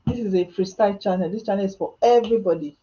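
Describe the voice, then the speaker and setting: A woman's voice: mid-range voice, quick pace, warm tone, muffled recording. Chatty Nigerian woman on a live stream. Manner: chatty and self-mocking, laughing often, with Nigerian Pidgin asides. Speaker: vlogger answering live chat questions. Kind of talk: casual live-stream chat. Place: home.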